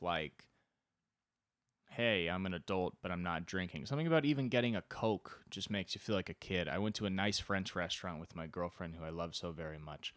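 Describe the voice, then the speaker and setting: A man's voice: on the low side, no room sound, studio quality. A man in his twenties hosting a solo podcast, rambling and self-deprecating, swearing freely as he tells comic stories. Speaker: podcast host. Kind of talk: solo comedic monologue.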